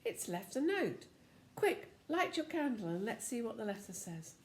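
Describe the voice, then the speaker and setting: A woman's voice: on the high side, very animated, moderate pace, a little mellow, a little hiss or hum. Older lady doing a careful earnest storybook boy. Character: cautious sensible young boy.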